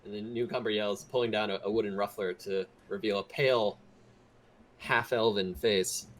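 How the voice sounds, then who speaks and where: A man narrating as game master of a tabletop game, in a relaxed, halting way with many fillers. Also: on the low side.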